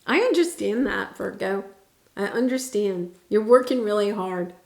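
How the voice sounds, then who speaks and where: A woman's voice: medium pitch, lively intonation, measured pace, gravelly, a little mellow, echoey room. A woman giving a casual tarot reading, talking in an earnest, reassuring way with many fillers and restarts. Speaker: tarot reader.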